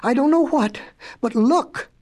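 A woman voicing an excitable, absent-minded male professor inventor in a storybook reading, stammering and exclaiming. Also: high voice, a little slow, pitched above the performer's own voice. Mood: excited.

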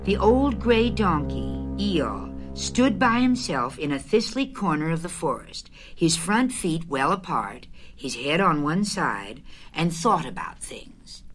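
A woman narrating a storybook chapter aloud in an expressive, unhurried way. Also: lowish voice, soft background music.

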